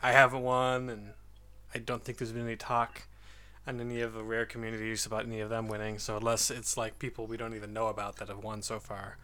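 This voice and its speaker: A man's voice: lowish voice, completely flat delivery, quick pace, pushed and bright. A man co-hosting a casual podcast chat, easygoing and joking, laughing often. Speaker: podcast co-host.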